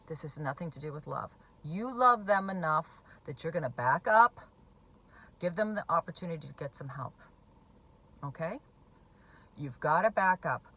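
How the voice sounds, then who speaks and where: Blunt, bright-voiced woman talking to camera. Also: on the low side. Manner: blunt, emphatic, swears freely. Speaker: recovering alcoholic speaking on addiction. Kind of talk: direct-to-camera talk.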